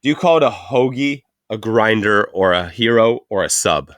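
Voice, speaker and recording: A man's voice: on the low side, expressive, normal speed, a bit bright, dry recording. A Canadian man hosting a casual chat, joking and swearing freely. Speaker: podcast host.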